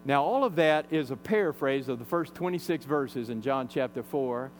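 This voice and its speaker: A man's voice: medium pitch, lively intonation, moderate pace, slight background noise. A man preaching a sermon, retelling a Bible story in a conversational manner with frequent fillers.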